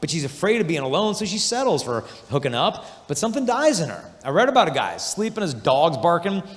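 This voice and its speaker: A man giving an energetic youth conference talk, telling animated stories and acting out the voices of people he describes. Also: a little high, brisk. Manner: animated storytelling, acts out quoted voices. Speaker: conference speaker. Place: large hall. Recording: long hall reverb.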